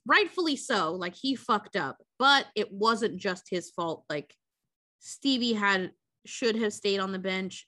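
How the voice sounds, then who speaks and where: A woman co-hosting a podcast, recapping a movie in a casual, profane, animated way. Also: medium pitch, no room sound, clean studio sound. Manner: profane, animated retelling with quoted character voices. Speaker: podcast co-host.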